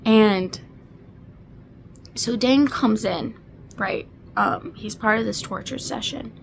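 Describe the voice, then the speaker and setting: Casting a woman in her twenties for a casual book recap: slow, gushing, emotional. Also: on the high side, vocal fry, background noise. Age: 20s. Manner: gushing and emotional, many fillers. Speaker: book reviewer.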